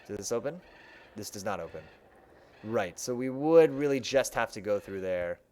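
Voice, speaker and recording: A man's voice: on the low side, expressive, normal speed, darkish tone. Chatty young man streaming a game. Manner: chatty, thinking aloud, self-mocking. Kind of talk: casual let's-play commentary. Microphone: desk microphone.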